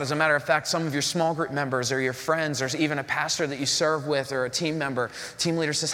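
Preacher in a reverberant hall. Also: male voice, fairly high pitch, quick pace, few pauses. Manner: animated storytelling, voices others in quotes. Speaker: pastor. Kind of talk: sermon. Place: church hall.

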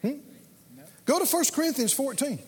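A man's voice: extremely high pitch, expressive, normal speed, in a large hall. A man preaching a sermon, telling stories and leading call-and-response with his congregation.

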